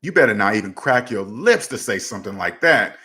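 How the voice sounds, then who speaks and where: A man's voice: lowish voice, lively intonation, brisk, bright, forceful tone. A man hosting a personal finance channel, talking emphatically and repeating his points to drive them home. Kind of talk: casual commentary to camera.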